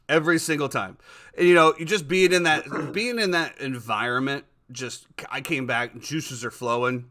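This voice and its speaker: A man talks through a casual podcast episode, piling up eager stories about his weekend. His voice is bright and forward, at an everyday middle pitch. He stumbles over and repeats words as he builds each story. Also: normal speed. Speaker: podcast host.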